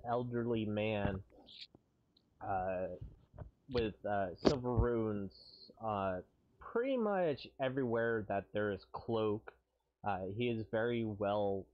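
Slow, halting male game master. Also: fairly low pitch, narrow, tinny audio. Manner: halting, full of fillers, swears casually. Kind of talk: narrating a tabletop game on a live stream.

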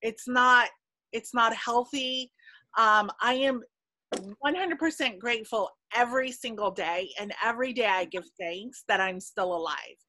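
A woman on a video call speaking earnestly and a little haltingly. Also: a little high, pushed and bright, no room sound. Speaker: forum guest. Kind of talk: casual video call chat.

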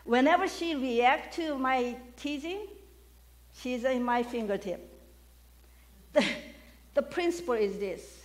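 A woman delivers a sermon at an unhurried pace, often pausing to quiz her listeners. Her voice sits somewhat high, and she leans hard on the words she wants to land. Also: lively intonation. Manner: questions the congregation, emphatic call-and-response. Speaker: preacher.

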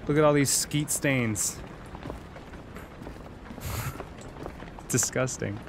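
Excitable swearing gaming streamer, man. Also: mid-range voice, takes it slowly, long pauses, background noise. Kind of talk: let's-play commentary.

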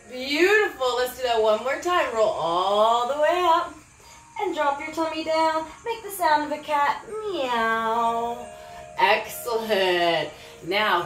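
Her voice sits high with a fairly bright tone as she guides a preschool yoga class, encouraging the kids in a sing-song way and making animal sounds for the poses. The recording is reverberant and the audio poor.

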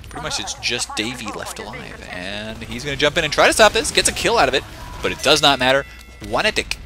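A man shoutcasting a competitive online game, giving chatty, joking play-by-play with frequent off-topic asides. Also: medium pitch, background noise. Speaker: esports shoutcaster. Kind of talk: live game commentary.

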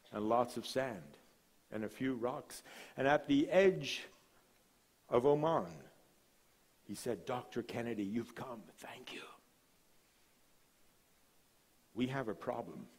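A man preaching a sermon with a mid-range voice, building to proclaimed lines and then dropping almost to a hush. He tells stories in a relaxed, conversational way between the big statements. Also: mid-range voice. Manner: dramatic preaching with sudden drops to a hush; storytelling, relaxed asides. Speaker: guest speaker, missionary.

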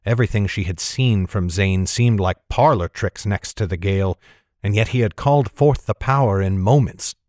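A man narrating a fantasy novel in a measured storytelling voice. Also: on the low side, darkish tone, no echo, studio quality. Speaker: audiobook narrator. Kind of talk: scripted narration.

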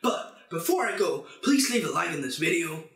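Shouting, swearing young man. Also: on the high side, very animated, normal speed. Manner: swears constantly, bursts into shouts. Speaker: channel host. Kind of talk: comedic profane rant. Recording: echoey room.

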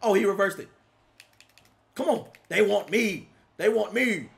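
A young man giving excitable live commentary while playing a video game, often yelling at the screen. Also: high voice, unhurried, gravelly. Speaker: gaming YouTuber.

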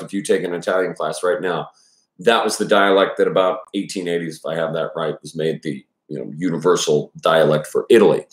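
Low-voiced rambling man from Texas. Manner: rambling and self-correcting, swears freely. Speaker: host reading a novel aloud with commentary. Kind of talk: casual spoken commentary. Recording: roomy echo.

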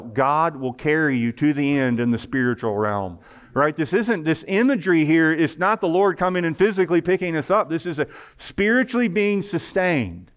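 A man preaching a sermon in church, earnest, with rising and falling emphasis and rhetorical questions to the congregation. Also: on the high side. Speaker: pastor. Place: church sanctuary.

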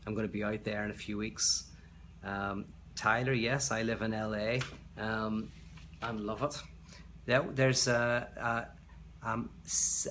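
A man's voice: on the low side, a bit bright, slight background noise. A man from Belfast, hosting a casual livestream from his home, chatty and rambling, reading out viewer comments. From Belfast, Northern Ireland. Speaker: livestream host. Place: at home, indoors.

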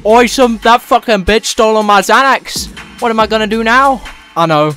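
A man's voice: high-pitched, normal speed, pushed and bright, faint music behind, voice pushed up. A man voicing a crude, swaggering young lad in a parody fan dub of a cartoon. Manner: crude, boastful, slangy.

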